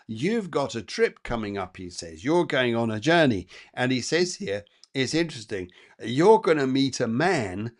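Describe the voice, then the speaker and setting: A man in the middle of his range hosts a live psychic reading show. He talks in a chatty, rambling way and gets excitable as he goes. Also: medium pitch. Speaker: psychic medium host.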